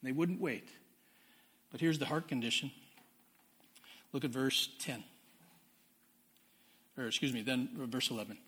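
A man preaching a sermon in a conversational way, reading scripture slowly and with emphasis. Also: mid-range voice, a bit bright, breathy edge. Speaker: pastor.

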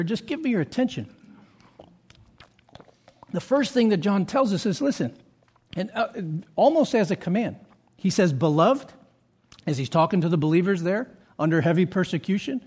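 A male pastor delivering a verse-by-verse sermon, his voice set a little higher than most men's. He reads scripture aloud, then turns to the congregation with questions, dropping to soft low asides before rising to loud, stressed lines. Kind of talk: expository sermon.

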